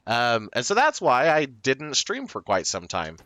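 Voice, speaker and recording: A man's voice: mid-range voice, huge pitch swings, a little slow, fairly bright tone, no room sound. A man chatting casually to his stream viewers, rambling and self-deprecating, with plenty of fillers, restarts and short laughs.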